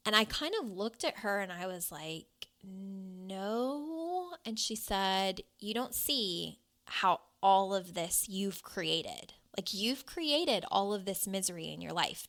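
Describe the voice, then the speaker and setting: A woman's voice: on the low side, sharp tone. Candid young woman telling her story. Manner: candid, confessional, filler-heavy with frequent "like". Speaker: podcast host. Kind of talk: personal storytelling monologue.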